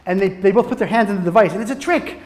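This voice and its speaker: A man with a high voice tells stories in a loose, animated way, swearing and laughing between lines. He speaks as a guest at a casual talk on making films. His voice rings through a hall with a long echo. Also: racing. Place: conference room. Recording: reverberant hall.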